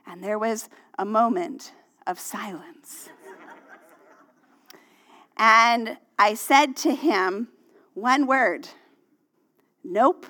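A woman's voice: on the high side, extremely slow, long pauses. Chatty woman pastor preaching. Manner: conversational, animated when retelling dialogue. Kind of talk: sermon with personal storytelling.

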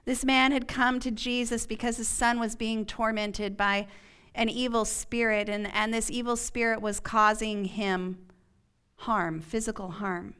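Woman pastor, sermon, slightly high and clear voice, unhurried emphatic delivery. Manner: earnest, slow and emphatic, dropping to a hushed whisper at key points. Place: church.

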